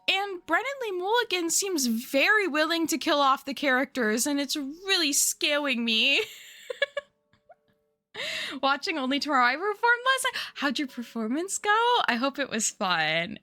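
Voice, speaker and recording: A woman's voice: sits high, bright, forceful tone, no room sound. A young adult woman streamer in casual chat with her viewers, rambling, giggly and answering chat as she goes.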